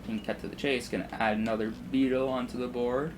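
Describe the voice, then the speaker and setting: A man's voice: mid-range voice, fairly even intonation, brisk, noisy background. A man in his twenties casually rambling through work stories while playing a video game, full of "like" and restarts. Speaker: gaming YouTuber. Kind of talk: rambling storytelling over gameplay.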